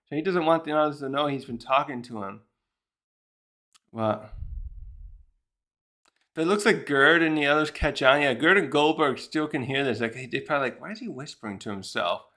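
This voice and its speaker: A man's voice: on the high side, normal speed, pauses often, bright, forceful tone. A man casually recapping a comic chapter, rambling with many fillers and restarts and briefly acting out the characters' lines. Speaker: manga reviewer.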